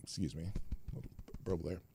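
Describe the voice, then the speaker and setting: A man hosting a live stream, telling a story in a casual, animated way, acting out the other people's lines and laughing often. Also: a bass voice, fast talker, gravelly, a little hiss or hum. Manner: animated, acts out quoted voices, laughs often. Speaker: livestream host.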